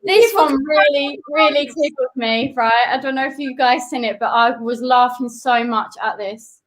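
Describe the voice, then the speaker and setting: A woman's voice: high-pitched, normal speed, low-quality recording. A woman co-hosting a football fan show, chatting casually and giggling as she shares her screen on a video call. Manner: giggly, chatty, talks through screen-sharing. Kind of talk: casual chat.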